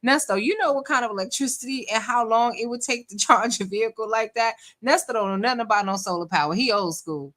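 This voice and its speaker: A woman's voice: on the high side, a little fast, a bit bright. A woman commentating on a live stream in casual chat, laughing and teasing as she talks to her chat. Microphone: desk microphone.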